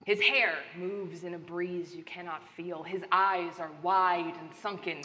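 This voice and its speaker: A woman's voice: fairly low pitch, fairly even intonation, measured pace, sharp tone. A woman narrating a live tabletop horror game as game master, telling the story in a dramatic, descriptive way. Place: convention main stage. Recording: live stage hall, faint noise.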